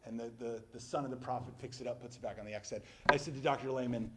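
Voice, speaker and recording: A man's voice: mid-range voice, fairly even intonation, fast talker, sharp tone, slight background noise. A man preaching a sermon, telling a story conversationally with casual asides.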